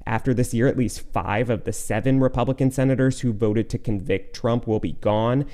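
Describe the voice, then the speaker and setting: Guy reporter on the radio news, warm mellow voice, steady and even. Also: medium pitch, normal speed. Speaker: political reporter.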